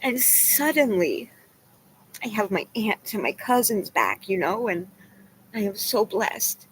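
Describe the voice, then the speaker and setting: A woman's voice: medium pitch, very animated, slow, slight background noise, low-quality recording. Tearful, rambling woman in her forties. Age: 40s. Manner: tearful, rambling, candid, swears. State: crying. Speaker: vlogger. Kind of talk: emotional casual vlog talk, reading chat.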